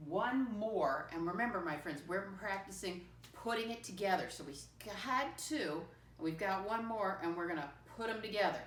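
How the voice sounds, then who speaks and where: A woman teaching a math lesson to first graders, patient and slow, spelling words out letter by letter and addressing the children as friends. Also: mid-range voice. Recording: echoey room, voice from a distance.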